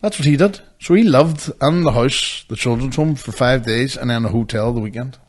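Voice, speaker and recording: Brief: male co-host, mid-pitched, loose sweary banter. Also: normal speed. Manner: sweary, jokey storyteller. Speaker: podcast co-host. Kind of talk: casual banter.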